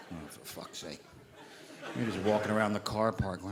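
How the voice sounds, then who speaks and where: A middle-aged American man doing stand-up comedy with sardonic, deadpan put-downs and sudden shouted bursts. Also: on the low side, normal speed. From United States. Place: theatre stage before a laughing audience. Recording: echoey live venue, loud audience noise.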